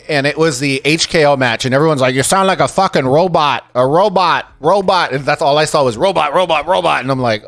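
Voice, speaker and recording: An excitable man streaming and casting a strategy game tournament, reading his chat aloud and swearing casually. His voice sits at an ordinary middle pitch and sounds dry and close, with no room echo. Faint music plays underneath. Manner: excitable, swears freely, chatty with viewers.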